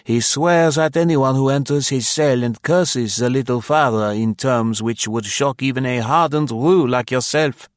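A man's voice: medium pitch, unhurried, hardly any pauses, dry recording, clean studio sound, pitched above the performer's own voice, natural voice. A man voicing a pompous, long-winded male prison governor in an audiobook. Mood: disapproving.

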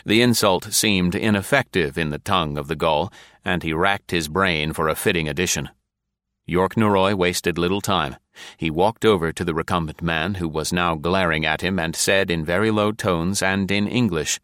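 A man narrating an audiobook in a measured, even storytelling manner. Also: low-pitched, clean tone, dry recording, clean studio sound. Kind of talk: scripted narration.

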